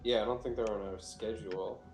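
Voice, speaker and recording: A man talking through plans for a tabletop game, casual and lively. His voice echoes around the room, and soft music plays behind him. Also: lowish voice, a little fast. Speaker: player. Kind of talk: casual tabletop play chat.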